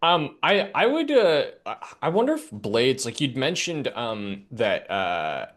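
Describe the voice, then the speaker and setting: A man's voice: medium pitch, big pitch swings, unhurried, fairly bright tone. A man player in a tabletop worldbuilding session, offering tentative, hesitant suggestions. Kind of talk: collaborative worldbuilding discussion.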